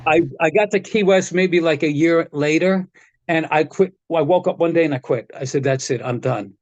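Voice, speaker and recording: A man's voice: on the high side, brisk, no room sound, highs cut off. An older man, a guitar technician, telling rambling stories in casual chat, often chuckling and restarting his sentences.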